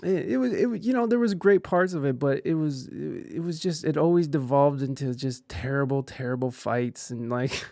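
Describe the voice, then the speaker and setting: Guy on a podcast telling a raw story, cussing a lot, kinda high voice, dry mic. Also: moderate pace, creaky, hardly any pauses, warm tone, no room sound. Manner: candid, profane, laughs often through the story. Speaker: podcast host. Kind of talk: casual storytelling.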